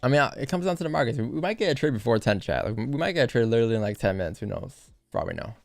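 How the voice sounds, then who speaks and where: A man's voice: medium pitch, big pitch swings, rapid-fire, gravelly, soft background music. A young man hosting a live trading stream, chatting casually and directly to his viewers in a laid-back way. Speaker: livestream trading host. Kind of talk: casual livestream chat.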